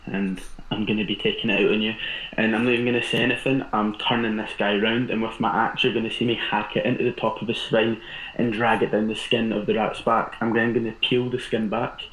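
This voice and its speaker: A man's voice: lowish voice, little pitch movement, fast talker, a bit bright, reverberant, a little hiss or hum, low-quality recording. A man playing a tabletop game, mixing menacing in-character threats with casual description of his actions. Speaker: player. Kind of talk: tabletop role-play.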